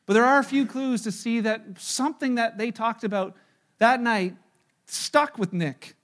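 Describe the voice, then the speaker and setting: A man preaching a sermon, retelling a story and acting out the quotes in lively voices, sometimes dropping to a hushed tone. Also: very high voice, measured pace. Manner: animated storyteller, voices crowd quotes, drops to hushed tones. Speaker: pastor. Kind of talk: sermon with acted-out dialogue.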